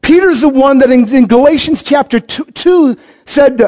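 A man's voice: very high-pitched, normal speed, hardly any pauses, a little mellow. A middle-aged man preaching a sermon as pastor, telling stories animatedly and acting out quoted voices. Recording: dull lo-fi recording.

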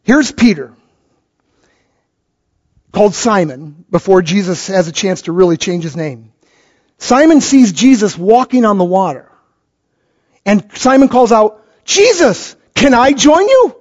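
A man's voice: high-pitched, measured pace, pauses often, darkish tone. A middle-aged man preaching a sermon as pastor, telling stories animatedly and acting out quoted voices. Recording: dull lo-fi recording.

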